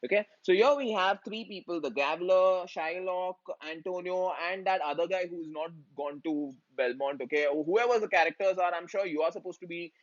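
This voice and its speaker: A man's voice: high-pitched, moderate pace, few pauses, muffled recording. A man with an Indian English accent teaching a literature lesson in a chatty way, using slang to explain lines.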